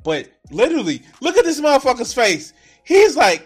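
A man's voice: very high voice, wildly swooping pitch, moderate pace, slightly rough, soft background music. A man streaming his reactions, swearing often and breaking into heated, mocking rants. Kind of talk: casual profane reaction commentary.

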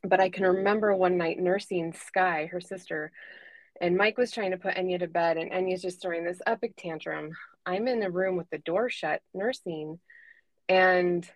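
A woman's voice: on the low side, moderate pace, no room sound, rough recording. A woman in her forties, a guest life coach for mothers, telling a candid personal story in an earnest way, with frequent ums and self-corrections. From United States.

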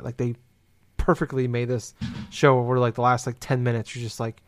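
Fast-talking young man telling a rambling story. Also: mid-range voice, fairly even intonation. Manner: rambling, heavy use of "like", swears freely. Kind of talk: casual chat.

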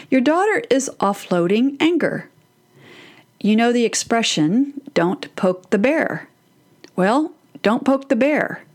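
A woman's voice: mid-range voice, a little mellow. A woman in her fifties talking earnestly to other parents, explaining her advice through metaphors.

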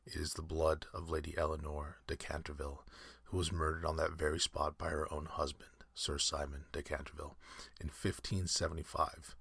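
A man voicing an old woman housekeeper who speaks in a low, mysterious voice. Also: little pitch movement, normal speed, gravelly, pushed and bright, slightly rough, no room sound, studio quality, exaggerated voice. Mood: ominous.

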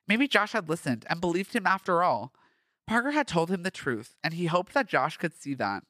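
A man's voice: high-pitched, very animated, measured pace, sharp tone, no room sound, studio quality. A man hosting a podcast who reads his own fan fiction aloud, breaking off for campy, gushing, self-mocking asides. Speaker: podcast host.

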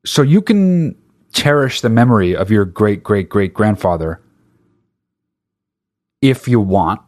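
A comedian doing a stand-up rant, talking in an exasperated, profane and rhetorical way. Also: male voice, lowish voice, expressive, takes it slowly, darkish tone.

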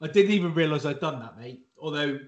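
A West Country man hosts a podcast with jokey, rambling banter. He is a bit tipsy and mocks himself freely. His voice sits a little high for a man. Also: lively intonation, fairly quick, lo-fi sound. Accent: West Country English. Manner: jokey, rambling, self-mocking. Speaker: podcast host. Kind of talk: casual banter.

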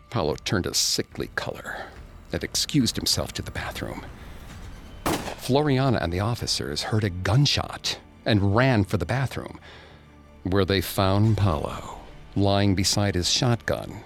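A man narrating a true-crime story in a measured, somber storytelling manner. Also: low voice.

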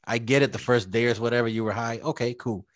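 A man's voice: mid-range voice, steady tone, quick pace, no echo. A man co-hosting a podcast in casual chat, joking, swearing and acting out quotes. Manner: profane, joking, acts out quotes. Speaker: podcast co-host.

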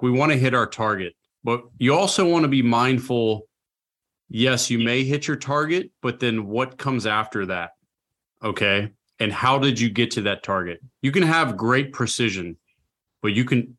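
A middle-aged man co-hosting a podcast, telling animated stories in casual chat and swearing freely. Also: mid-range voice. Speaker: podcast co-host.

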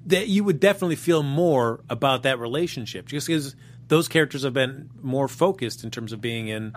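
A man co-hosting a soap opera chat show, talking in a measured, analytical way. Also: mid-range voice. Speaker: co-host. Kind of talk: casual chat.

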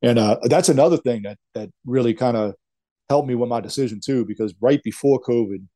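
A middle-aged man spins long, rambling stories in an interview. His voice is warm and mellow, and his manner is casual and animated, with plenty of "man" and "dude" along the way. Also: mid-range voice, a little fast, no room sound. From Louisiana. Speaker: retired wrestler, guest. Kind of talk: interview storytelling.

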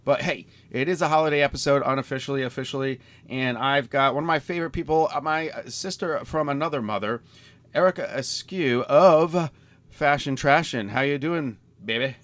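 A man's voice: mid-range voice, brisk, a bit bright, no room sound. A man with a nasal, congested voice from a sinus infection, hosting a casual podcast chat and laughing often. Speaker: podcast host.

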